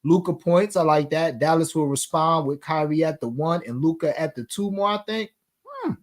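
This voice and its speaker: A man's voice: fairly high pitch, normal speed. A man hosting a sports betting talk show, chatting casually in slang and reading viewer comments aloud.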